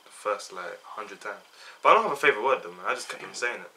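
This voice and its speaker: A young man from South London with a South London accent, chatting casually in a quick, offhand way. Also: lowish voice, animated, pushed and bright, rough recording. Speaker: co-host. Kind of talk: casual chat, answering a tag. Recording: faint background noise.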